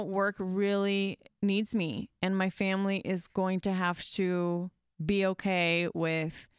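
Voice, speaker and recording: A woman's voice: mid-range voice, clean tone, dry recording, studio quality. A woman hosting a podcast, chatting openly and candidly into a microphone, telling stories with many fillers. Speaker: podcast host. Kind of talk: casual candid chat.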